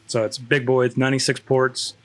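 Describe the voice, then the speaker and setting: A man's voice: mid-range voice, flat delivery, brisk, a bit bright. A man, a school district network specialist, chatting casually with many restarts and fillers. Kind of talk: casual chat.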